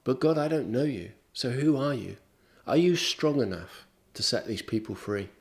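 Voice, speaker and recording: A man preaching who voices Moses as a doubtful man pleading his way out of the task, quick when he protests. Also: medium pitch, animated, lightly acted. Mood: reluctant. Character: reluctant Moses, grown man full of excuses. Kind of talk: sermon storytelling.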